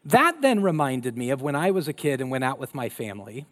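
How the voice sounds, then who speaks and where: A middle-aged pastor who grew up in Colorado preaches a sermon, speaking fairly quickly at medium pitch. He tells family stories with animation, acting out the voices.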